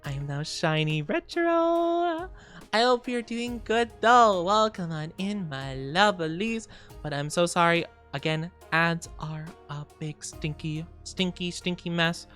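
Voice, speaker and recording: A woman's voice: on the low side, a little slow, fairly bright tone, soft background music. A woman streamer chatting casually and playfully with her viewers, greeting them by name. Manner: playful sing-song asides. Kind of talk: casual livestream chat.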